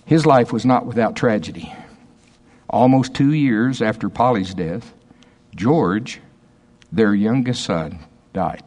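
A male pastor with a lowish, darkish voice preaches a sermon. He reads quotations slowly and emphatically, adding asides to the congregation.

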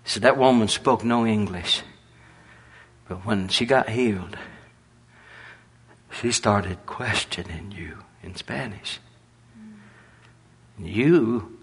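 An older man preaching, telling animated folksy stories and laughing through them. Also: on the low side, breathy edge. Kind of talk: storytelling sermon.

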